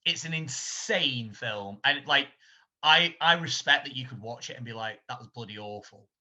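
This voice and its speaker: A man co-hosting a casual film podcast, rambling and animated as he retells scenes, often laughing. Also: mid-range voice, normal speed. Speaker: podcast co-host. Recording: dull lo-fi sound.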